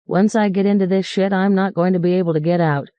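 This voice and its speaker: A woman's voice: lowish voice, fairly even intonation, fast, smooth, no echo, dull audio, close to an everyday voice. A woman reading the part of a sarcastic, foul-mouthed male cab driver who rants in mock-polite tones. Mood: sarcastic ranting. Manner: mocking, ranting, mock-polite.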